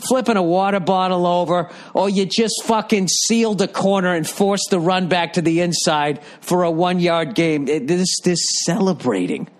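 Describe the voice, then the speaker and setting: An older man ranting in a rambling, profane, exasperated way, like a commentator. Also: sits high. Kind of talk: profane comedic rant.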